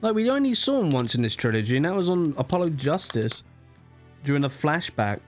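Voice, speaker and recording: A man's voice: on the high side, very animated, a little fast, soft background music. A man streaming a game, rambling in casual, emotional asides between reading the dialogue. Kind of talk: casual gameplay commentary.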